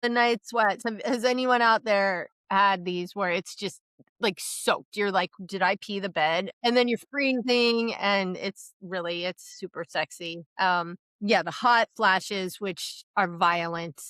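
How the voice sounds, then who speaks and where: A woman's voice: mid-range voice, slow, a bit bright, clean tone, no echo. A middle-aged woman co-hosting a podcast, talking frankly and with a lot of swearing in casual chat. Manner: frank, profane, self-deprecating. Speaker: podcast co-host.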